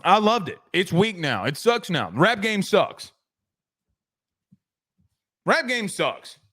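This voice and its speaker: A man's voice: high voice, big pitch swings, slow pace, sharp tone. A man hosting a casual sports commentary show, rambling and joking. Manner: rambling, joking, trails off into asides.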